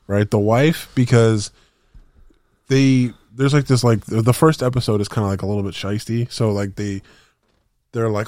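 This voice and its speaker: A man's voice: on the low side, fairly even intonation, moderate pace, darkish tone, dry recording, clean studio sound. A man co-hosting a podcast, chatting casually in a rambling, slangy way with lots of fillers and restarts. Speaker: podcast co-host. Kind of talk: casual chat.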